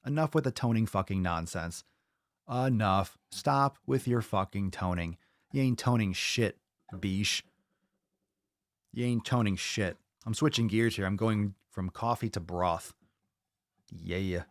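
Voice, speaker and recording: A man's voice: lowish voice, slow, pauses often, no echo, clean studio sound. A man hosting a fitness podcast in casual chat, ranting bluntly and swearing often. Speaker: podcast host.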